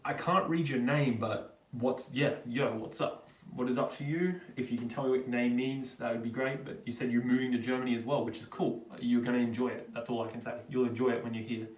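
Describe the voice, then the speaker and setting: A man's voice: mid-range voice, steady tone, a little fast, hardly any pauses. Australian male vlogger in his twenties, chatty live-stream Q&A host, recorded off-mic in an echoey room. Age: 20s. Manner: chatty and rambling, answering viewers. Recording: roomy, distant from the mic.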